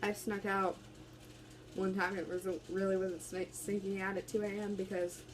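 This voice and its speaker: A woman's voice: medium pitch, level tone, normal speed, a little hiss or hum, rough recording. Chatty young woman vlogging. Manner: rambling, chatty, many restarts. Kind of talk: casual storytime vlog. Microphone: phone camera.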